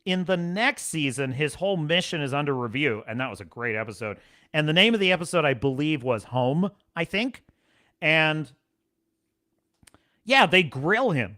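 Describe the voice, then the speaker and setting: A man hosting a livestream show, chatting casually in a rambling, animated way and laughing often. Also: a little high, normal speed.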